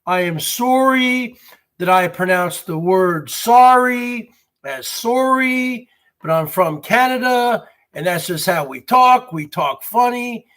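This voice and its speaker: Guy doing a whiny sorry-sorry canadian dude, drawn out, highish voice. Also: bright, forceful tone, heavily acted. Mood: mock apologetic. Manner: mocking, exaggerated drawn-out apologies. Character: groveling apologetic Canadian man, overly sorry.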